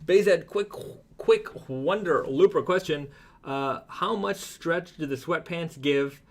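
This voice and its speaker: A man's voice: fairly high pitch, slow pace. A man from Canada with a Toronto accent, co-hosting a live stream, casually chatting and reading viewer comments with lots of fillers and restarts. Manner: rambling with many fillers and restarts. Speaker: co-host of a brand live stream.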